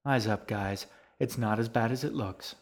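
A man's voice: medium pitch, moderate pace, natural voice. A man reading aloud, voicing a friendly, self-assured young woman who teases two kids.

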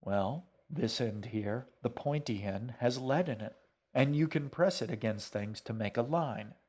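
A man's voice: mid-range voice, unhurried, a little mellow, slightly rough. A man voicing a shaggy, wry man who talks in matter-of-fact grunts. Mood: wistful. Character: shaggy, wry older man, gruff but kindly.

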